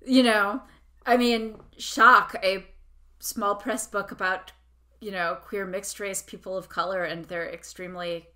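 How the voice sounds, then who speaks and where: A woman co-hosting a casual book podcast, sarcastic and quick to laugh. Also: medium pitch, fairly even intonation, pushed and bright. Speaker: podcast co-host. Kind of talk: casual book-discussion chat.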